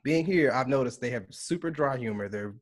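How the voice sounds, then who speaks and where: A man from the United States, a podcast guest, telling stories in casual chat and acting out the quotes with lively energy. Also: mid-range voice, brisk. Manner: animated storytelling with acted-out quotes.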